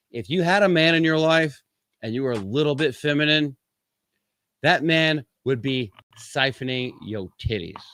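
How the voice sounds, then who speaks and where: Speaking at normal speed with animated delivery, this podcast host has a slightly high, a bit bright voice and there's no room sound. On his live-stream commentary show he reads quotes and interrupts them with mocking, profane, sarcastic remarks.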